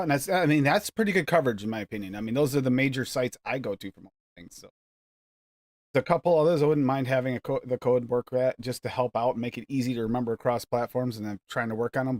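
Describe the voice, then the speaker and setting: A man hosts a relaxed live panel chat, drifting through his thoughts with restarts and easy laughs. His voice sits in the middle range, and the sound is dry and close with no room around it. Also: medium pitch, no room sound. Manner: laughs often, rambling with restarts. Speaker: livestream host.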